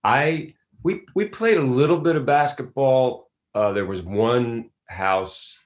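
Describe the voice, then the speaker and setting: Speaking slowly in a mid-range voice, this actor guest, a middle-aged man from Philadelphia, rambles through anecdotes in a relaxed interview and keeps restarting his sentences.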